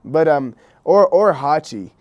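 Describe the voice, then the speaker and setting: A man's voice: on the high side, expressive, unhurried, dull audio. A young man and actor chatting casually, easygoing, often saying "so, yeah". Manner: easygoing, says "so, yeah" a lot. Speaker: actor and co-host asking questions. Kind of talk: casual chat.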